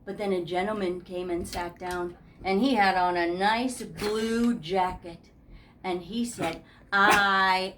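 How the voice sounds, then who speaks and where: A woman teaches preschool phonics in a classroom, her medium-pitched voice fairly bright, fairly even in intonation, and unhurried. Slight background noise can be heard as she tells little stories and makes playful sounds and voices for each letter for young children.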